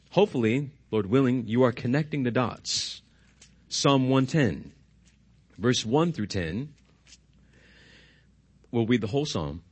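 A pastor delivers a sermon in a mid-range voice, posing questions to the congregation. To stress key words, he slows down and drops his voice.

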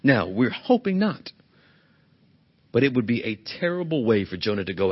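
A man's voice: mid-range voice, very animated, normal speed, pauses often, slightly rough, dull audio. A male pastor preaching a sermon in an earnest, emphatic way, often asking the congregation rhetorical questions.

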